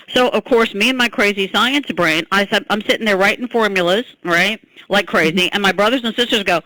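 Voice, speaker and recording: An older woman scientist talks as an interview guest, animated and emphatic, dropping laughs and "okay?" into her story. Her voice is bright and forward, and the sound is close and dry. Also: mid-range voice, brisk, few pauses, no room sound, poor audio. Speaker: scientist and product inventor.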